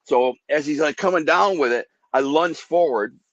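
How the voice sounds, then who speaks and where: A man's voice: on the high side, normal speed, dry recording. Guy telling a wild story from his life, rambling and vivid, kinda dull dry podcast sound. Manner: vivid, rambling, acts out quoted voices. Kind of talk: intense personal storytelling.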